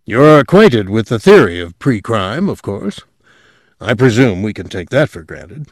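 Guarded older male chief, low voice, controlled and clipped, dry close sound, read by a man. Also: big pitch swings, a little slow, no echo, exaggerated voice. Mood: explaining.

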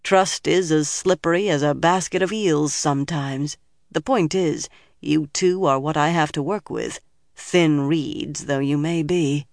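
A woman's voice: low-pitched, measured pace, no room sound. A narrator voicing a stern, commanding older woman leader with a hard, dry manner, in a dry studio audiobook reading. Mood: musing.

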